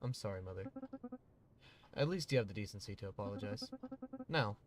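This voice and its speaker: A man's voice: lowish voice, expressive, fairly quick, close to an everyday voice. A man reading the lines of a cold, formal aristocratic devil mother who scolds her son. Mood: stern.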